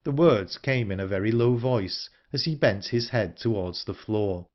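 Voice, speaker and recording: A man narrating a horror novel audiobook in an expressive storytelling manner. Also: lowish voice, normal speed, lo-fi sound. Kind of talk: scripted narration.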